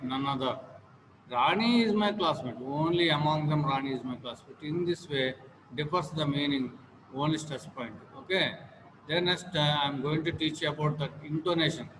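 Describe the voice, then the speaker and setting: A man giving a classroom lecture as a teacher, repeating each example several times to model stress and intonation. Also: on the high side. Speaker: English teacher. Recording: long classroom reverb, faint noise.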